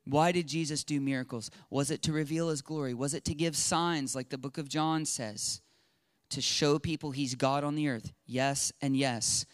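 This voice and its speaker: A man preaching a sermon in an animated way, acting out quotes and swinging from loud to hushed. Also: medium pitch, clear, resonant tone, no echo, studio quality. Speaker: pastor.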